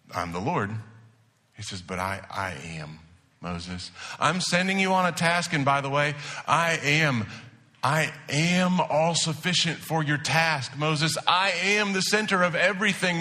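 Pastor guy preaching, bright tense voice, pitch a bit high, goes quiet then punches lines. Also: unhurried. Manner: preaching, shifts between hushed and emphatic. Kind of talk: sermon.

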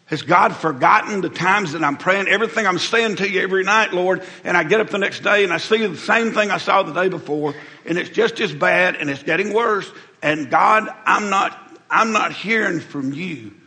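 A man's voice: sits high, normal speed, pushed and bright. A middle-aged man, preaching a conversational, folksy sermon as pastor, often repeating words as he goes. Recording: hall reverb.

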